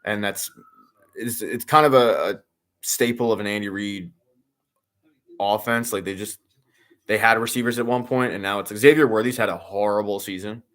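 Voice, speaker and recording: A young man with a slightly low voice chats his way through a live game stream, jumping from topic to topic. He talks like an excitable fan, full of fillers, restarts and the occasional curse. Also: moderate pace, long pauses. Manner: rambling, filler-heavy, excitable sports fan, swears. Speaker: streamer hosting a sports watch-along. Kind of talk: casual live commentary and chat.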